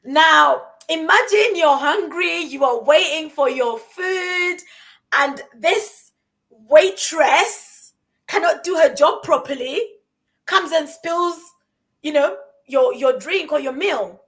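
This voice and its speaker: A woman co-hosting a conversation, telling a story in an animated way and asking rhetorical questions. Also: high-pitched, slow pace. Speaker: co-host.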